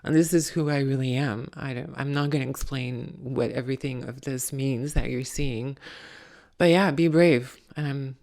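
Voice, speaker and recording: A woman's voice: very deep voice, steady tone, moderate pace, a little mellow. A woman hosting her own channel, wrapping up in a chatty, affectionate way. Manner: chatty, laughing, affectionate sign-off. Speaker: host. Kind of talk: casual chat.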